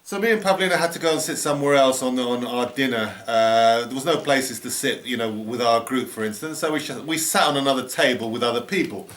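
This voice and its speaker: Recalling a trip, this middle-aged storyteller rambles along, chuckling and saying "you know" often. He speaks fairly quickly with few pauses in a medium-pitched, slightly bright voice, recorded with roomy echo and faint background noise.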